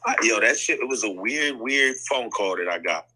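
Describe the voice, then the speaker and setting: A man's voice: mid-range voice, expressive, moderate pace, sharp tone, poor audio. A man telling a story in a casual online audio chat, blunt and profane, full of fillers, on a phone mic. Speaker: guest rapper telling a story. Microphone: phone mic in an online audio room.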